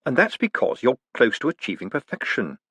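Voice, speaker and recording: A man voicing a smooth, quick-witted male con man who talks in a wry, teasing way. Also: mid-range voice, wildly swooping pitch, fairly bright tone, no room sound, heavily acted.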